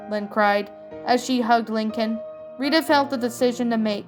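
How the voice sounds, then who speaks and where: A woman reading a fan story aloud, plain and even with small slips. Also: fairly high pitch, moderate pace. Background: faint music.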